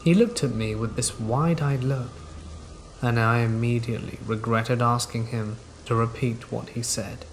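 A man reading scary stories aloud in a measured, steady scripted narration. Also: medium pitch, slight background noise, low-quality recording. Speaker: horror story narrator. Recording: rain sounds under the narration. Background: rain.

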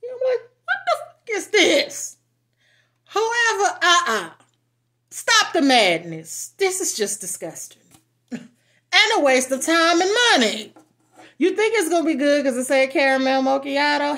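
Woman vlogger, kinda high voice, talks slow, super blunt, swears a lot, laughs a bunch. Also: sing-song, a bit bright. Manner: blunt and frank, cusses freely, laughs often. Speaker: beauty and lifestyle vlogger. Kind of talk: casual product review chat.

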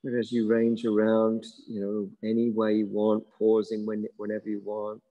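A middle-aged man with a relaxed, musing manner, leading a yoga class and drawing out words slowly. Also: lowish voice, lo-fi sound. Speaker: yoga teacher. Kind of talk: guided yoga class instruction.

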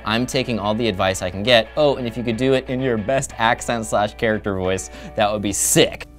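A man's voice: lowish voice, fairly quick, faint music behind. A man hosting a casual comedy show, reading viewer messages aloud in a playful way. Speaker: host.

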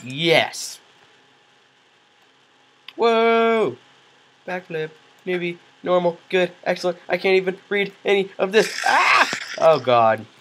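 A man doing goofy, excitable let's play commentary, yelling reactions and cracking self-mocking jokes. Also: high-pitched, a little slow, slight background noise, poor audio. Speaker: gaming commentator.

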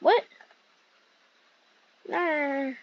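Young woman gamer, high voice, chatty and rambling, dry slightly muffled mic. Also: very slow, slight background noise. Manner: chatty, rambling, excitable with frequent fillers. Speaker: gaming youtuber. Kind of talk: casual gameplay commentary.

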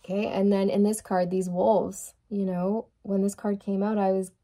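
A woman's voice: mid-range voice, little pitch movement, normal speed, warm tone. A woman giving a channeled tarot reading who speaks reassuringly and repeats words for emphasis. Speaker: tarot reader.

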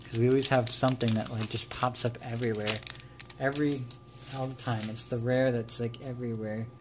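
A man talks through a card pack opening in a loose, chatty way, reading off card names and laughing at his own asides. His voice sits in an ordinary middle pitch over a faint steady hiss. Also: a little fast. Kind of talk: casual unboxing commentary.

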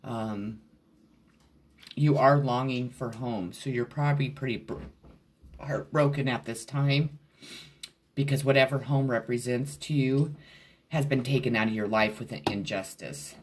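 A man doing a casual tarot reading, talking straight to the viewer in a blunt, loose way. His pitch sits in an ordinary middle range, and he swears freely as he goes. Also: fairly even intonation, a little slow, long pauses. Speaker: tarot reader. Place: at home.

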